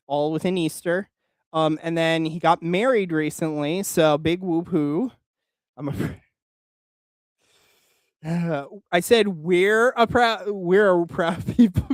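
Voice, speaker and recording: A man's voice: on the high side, smooth, no room sound. A man hosting his channel in casual chat, rambling and joking with frequent laughs. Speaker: channel host.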